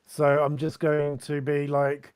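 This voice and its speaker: A man's voice: a little high, completely flat delivery, slow, background noise. A man playing a tabletop game, thinking aloud about his moves. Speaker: player. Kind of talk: casual tabletop play.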